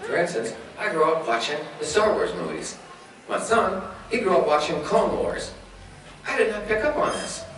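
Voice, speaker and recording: A man in his thirties telling comedic stories on a convention panel, animated and laughing often, swearing freely. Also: sits high, moderate pace, slight background noise. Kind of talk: casual comedic storytelling. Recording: echoey room from far off.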